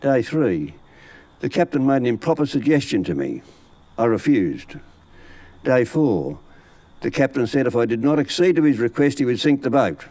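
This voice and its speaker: A man's voice: mid-range voice, big pitch swings, moderate pace, darkish tone, no room sound, low-quality recording. A man, a bush poet telling comic yarns and reciting funny poems in a folksy, chuckling way. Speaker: bush poet and yarn teller.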